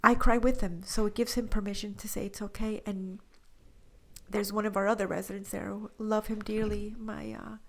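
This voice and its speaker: A woman co-hosting a podcast in casual chat, speaking emotionally, often dropping to a breathy whisper and halting on restarts. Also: mid-range voice, flat delivery, a bit bright. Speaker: podcast co-host.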